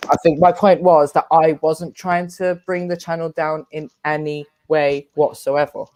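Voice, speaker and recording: A woman's voice: deep voice, flat delivery, a little slow, darkish tone, slight background noise. Earnest Irish woman panelist. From Ireland. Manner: earnest, explains at length with fillers. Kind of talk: casual live panel chat.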